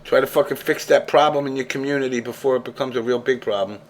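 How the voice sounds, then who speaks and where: A man's voice: mid-range voice, steady tone, fast, over a noisy crowd. A man hosting a casual gaming podcast, ranting emphatically and swearing freely. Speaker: show host.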